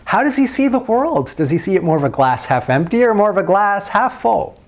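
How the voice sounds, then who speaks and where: Speaking fairly quickly with big swings in pitch, a high-voiced man coaches viewers on dating in a self-help video. He takes the listener through a long chain of guiding questions, one after another, in a coaching tone.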